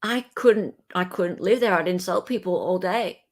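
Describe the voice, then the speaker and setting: A woman's voice: fairly low pitch, moderate pace. Playful woman co-host, laughing often. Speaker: livestream co-host. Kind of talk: casual chat.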